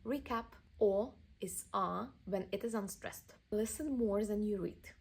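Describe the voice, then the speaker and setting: A woman teaching a scripted pronunciation lesson in a clear, methodical way. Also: medium pitch, a little slow, darkish tone. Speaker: language teacher.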